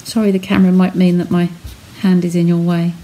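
A woman's voice: fairly low pitch, little pitch movement, a little fast, dark tone, slight background noise. A woman chatting as she talks viewers through a craft technique step by step on a live stream from her home studio. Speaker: craft demonstrator.

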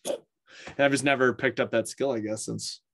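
A man's voice: mid-range voice, normal speed, creaky. A man talking as an interview guest in rambling, casual conversation over a video call. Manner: rambling, animated storyteller.

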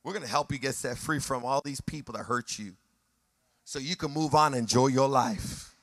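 A man's voice: medium pitch, moderate pace, a bit bright, dry recording. A male pastor preaching a sermon with passion, repeating phrases for emphasis and rising into a sung preaching cadence.

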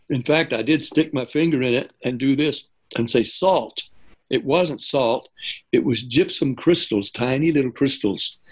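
An older man, a guest in an interview, telling lively anecdotes and often stopping to correct himself. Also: mid-range voice, poor audio. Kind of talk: interview storytelling.

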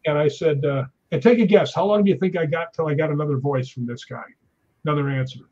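Husky-voiced man telling ghost stories. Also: a little high, quick pace, dull audio. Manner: animated anecdotes with acted-out quotes. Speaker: guest. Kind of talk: casual storytelling chat.

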